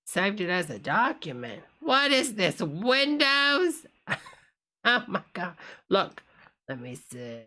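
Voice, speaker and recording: A woman's voice: medium pitch, big pitch swings, takes it slowly, sharp tone. A woman hosting a casual live stream, chatting with viewers and calling everyone honey.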